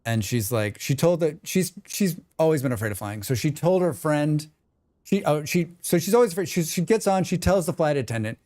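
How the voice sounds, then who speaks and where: A man chatting casually on a gaming livestream, excitable and swearing freely while he talks to his viewers. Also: fairly high pitch, fairly quick, dry recording, studio quality.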